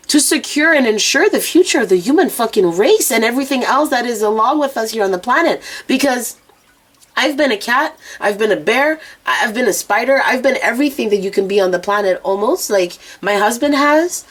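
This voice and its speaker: A woman gives an intuitive spiritual reading outdoors, addressing the viewer directly. She is blunt and unfiltered, with frequent swearing. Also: mid-range voice. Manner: frank and profane, speaking straight to the viewer. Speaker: oracle and rune reader. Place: outdoors near planes and traffic.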